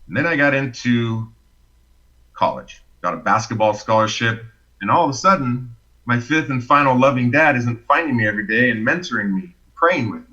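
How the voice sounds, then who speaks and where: A man telling his personal story as a podcast guest, expressive and animated, acting out the quotes. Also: mid-range voice, moderate pace, lo-fi sound.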